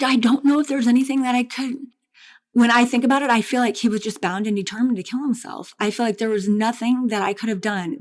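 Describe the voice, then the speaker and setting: A middle-aged woman with a medium-pitched voice appears as a bereaved mother on a podcast interview, telling a painful personal story. She speaks haltingly and emotionally, restarting and repeating herself.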